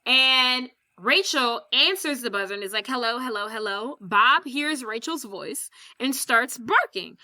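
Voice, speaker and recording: A woman co-hosting a podcast, recapping a film plot in a lively, casual way, acting out characters' lines and swearing freely. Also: high voice, measured pace, hardly any pauses. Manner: animated retelling with quoted voices and swearing. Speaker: podcast co-host.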